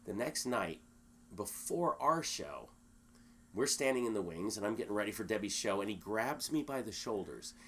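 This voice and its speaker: A man being interviewed, telling a story in a lively, animated way and acting out the quotes. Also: lowish voice, normal speed, slight background noise. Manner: animated storyteller, acts out quotes, many restarts. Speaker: guest.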